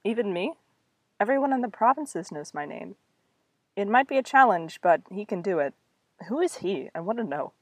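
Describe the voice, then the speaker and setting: A woman's voice: mid-range voice, sing-song, normal speed, dry recording. A woman reading as an anxious young princess. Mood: curious.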